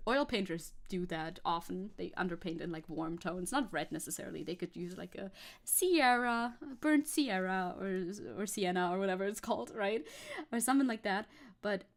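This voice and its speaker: A woman's voice: medium pitch, moderate pace. A young woman streamer chatting casually and rambling while she paints, swearing now and then. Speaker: VTuber streamer.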